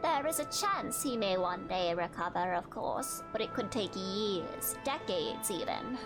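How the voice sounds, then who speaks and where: A woman voicing a grave, scholarly woman researcher of the soul, speaking in measured, formal, old-fashioned phrasing over game music. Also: medium pitch, sing-song, voice pushed down. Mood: solemn. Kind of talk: reading game dialogue aloud.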